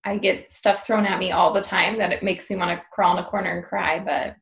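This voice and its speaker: A woman's voice: fairly low pitch, fairly even intonation, fairly quick, creaky, a bit bright, echoey room. A woman co-hosting a parenting podcast, talking in a casual, chatty way with lots of "like". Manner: chatty, peppered with "like". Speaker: podcast co-host.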